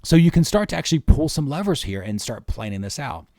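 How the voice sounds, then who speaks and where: A man's voice: fairly high pitch, big pitch swings, fast talker, darkish tone, dry recording, studio quality. A man hosting a marketing workshop, walking casually through spreadsheet figures step by step. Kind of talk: screen-share workshop explanation.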